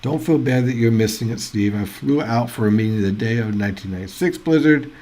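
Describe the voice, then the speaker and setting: A man hosting live weather coverage, chatty and excitable, thinking out loud as reports come in. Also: medium pitch, brisk. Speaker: weather livestream host. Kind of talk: casual live weather commentary.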